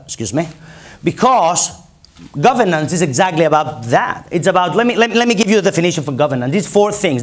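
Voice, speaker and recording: A man from Spain with a Spanish accent, giving an emphatic conference keynote and rallying the audience with repetition. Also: a little high. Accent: Spanish, from Barcelona. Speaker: conference speaker. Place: conference hall.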